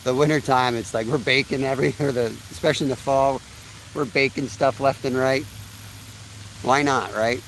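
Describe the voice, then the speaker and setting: A man's voice: medium pitch, fairly even intonation, moderate pace, a bit bright, a little hiss or hum, low-quality recording. A man in his thirties hosting a live fishing stream outdoors by a creek, chatting in a laid-back way and laughing often. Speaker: fishing livestream host. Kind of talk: casual live-stream chat.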